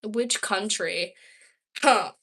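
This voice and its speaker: A young woman from Georgia in the United States chats on a livestream from her home, answering viewer questions and saying "like" constantly. Her medium-pitched voice is bright and husky, with a forceful tone and drawn-out words, and she rambles in a chatty way.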